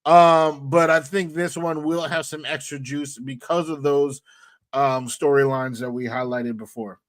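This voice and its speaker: A man co-hosting a sports talk stream, relaxed and thoughtful, with many fillers. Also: a little high, unhurried, no echo. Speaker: podcast co-host.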